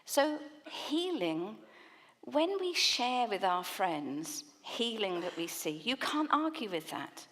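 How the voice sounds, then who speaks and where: A woman giving a talk at a church conference in a lively storytelling manner. She laughs often and breaks into quick asides as she builds the story. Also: mid-range voice. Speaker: conference speaker. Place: conference hall.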